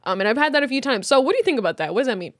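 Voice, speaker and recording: A woman's voice: sits high, very animated, very fast, no echo, clean studio sound. A young woman co-hosting a podcast, telling a story animatedly in casual chat, swearing and laughing now and then. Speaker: podcast co-host.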